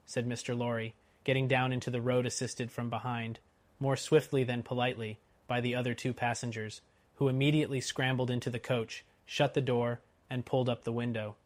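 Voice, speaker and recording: Man narrating an audiobook, middle pitch, steady reading, dry close sound. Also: fairly quick, no room sound. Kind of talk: scripted narration.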